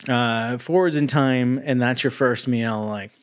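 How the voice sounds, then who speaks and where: A man's voice: medium pitch, a little slow. Sarcastic, cursing podcast man. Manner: sarcastic, profane, rambling with restarts. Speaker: podcast co-host. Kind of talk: casual movie review chat.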